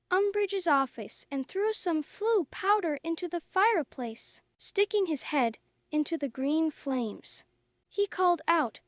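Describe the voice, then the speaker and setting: Lady reading a story slow and clear for english learners, high voice. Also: dry recording, clean studio sound.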